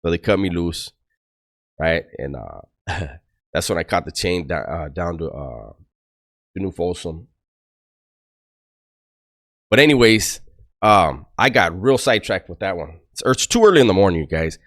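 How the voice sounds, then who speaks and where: Middle-aged man, low voice, swings up and down a lot; blunt, profane ex-con telling stories to camera. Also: very animated, unhurried, long pauses, a bit bright. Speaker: former prisoner giving life advice. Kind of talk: casual storytelling to camera.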